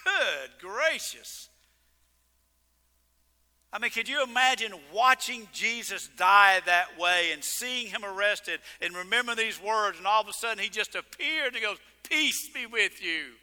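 A man preaching in an animated, exclaiming way, trading jokes with the people in the pews. His voice sits high and sounds very bright and sharp. It carries a long reverb, the sound of a big church sanctuary. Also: normal speed, hardly any pauses, smooth. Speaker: pastor. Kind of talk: sermon. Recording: long reverb of a large hall.

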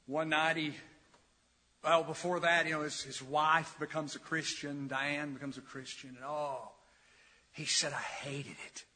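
A male pastor delivering a dramatic expository sermon, his bright, forceful voice sitting a little high. He drops into chatty asides to the congregation, then climbs to loud, emphatic peaks. A long reverb from a large church hall trails behind him. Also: level tone, measured pace.

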